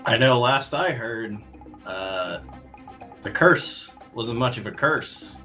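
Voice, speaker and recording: A man's voice: mid-range voice, expressive, takes it slowly, sharp tone. Male player, mid voice, casual and matter-of-fact, faint music. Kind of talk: in-character tabletop play.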